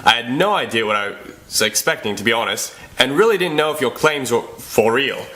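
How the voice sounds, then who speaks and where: A man's voice: mid-range voice, animated, fairly quick, sharp tone. A man with an Australian accent giving a chummy, laughing testimonial over a video call. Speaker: testimonial caller.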